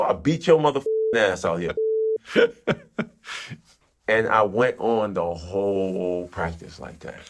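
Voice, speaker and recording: A man, a retired football player, telling stories in an animated interview, acting out quotes, swearing freely and laughing as he talks. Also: lowish voice, normal speed.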